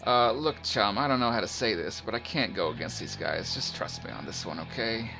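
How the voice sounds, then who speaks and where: A man voicing a nervous, apologetic male dog exile who talks in a hushed voice, in a game played aloud. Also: on the low side, lively intonation, brisk, vocal fry, over music. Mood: uneasy.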